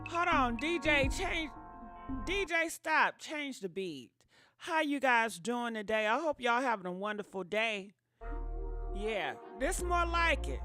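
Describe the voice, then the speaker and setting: A woman hosting casual livestream commentary in an animated, sassy way, talking straight to her viewers. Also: on the high side, no echo. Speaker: commentary channel host.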